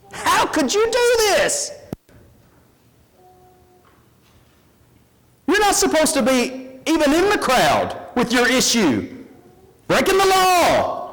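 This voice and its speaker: A man preaching a sermon voices an indignant crowd of men, high-pitched and accusing. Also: fairly bright tone, long reverb tail, exaggerated voice. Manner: accusing, scandalized.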